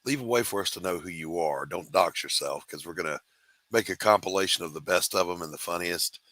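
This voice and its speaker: A man hosting a casual show, pitching crowdfunding tiers in an upbeat, matter-of-fact way. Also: fairly quick, pushed and bright, no room sound. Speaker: host.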